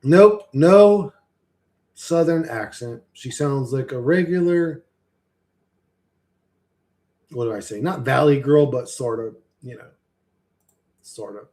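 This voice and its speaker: A man's voice: medium pitch, animated, slow, pauses often, darkish tone. A man in a casual, rambling live-stream chat, swearing freely and chuckling often as he talks.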